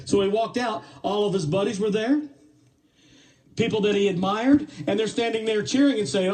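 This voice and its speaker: A man telling a parable live, animated and playful, with asides to his listeners. His voice is mellow and fairly high. He stands well back from the mic. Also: moderate pace, distant mic, rough recording. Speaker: storyteller.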